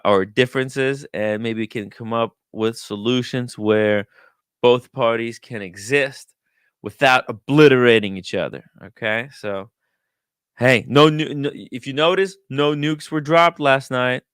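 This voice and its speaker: Sarcastic man, bright crisp voice. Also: medium pitch, dry recording, studio quality. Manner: sarcastic, profane, rambling. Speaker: host. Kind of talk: casual livestream chat. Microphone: close studio mic.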